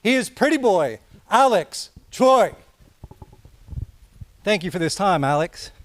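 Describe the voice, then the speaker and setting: A man's voice: high-pitched, sing-song, slow pace. A man interviewing wrestlers on a wrestling show, giving announcer-style introductions. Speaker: backstage interviewer.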